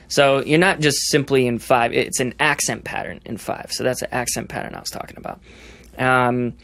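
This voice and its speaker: A man's voice: medium pitch, fairly bright tone. A young man, a drummer on a podcast, explaining rhythm ideas, singing the beats aloud and restarting his sentences often. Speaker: drummer guest.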